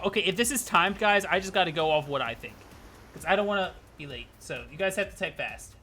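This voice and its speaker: A man streaming a dating game, reading the text aloud in an animated, joking way and swearing now and then. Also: on the high side, a little fast, a little hiss or hum. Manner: animated, swears and laughs, tries out silly character voices.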